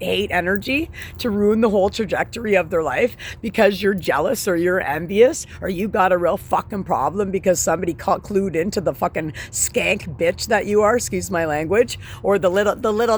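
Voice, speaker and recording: A man's voice: sits high, slight background noise. A man in his forties ranting outdoors in a vlog monologue, swearing heavily, repeating himself and stumbling over fillers. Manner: profane, repetitive, halting with many fillers. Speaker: sobriety vlogger. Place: outdoors at dusk.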